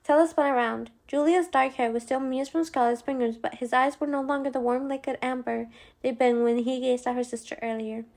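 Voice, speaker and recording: A woman narrating a novel as an expressive audiobook reader. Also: high-pitched, brisk, gravelly. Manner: expressive reading with small slips. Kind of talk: scripted narration.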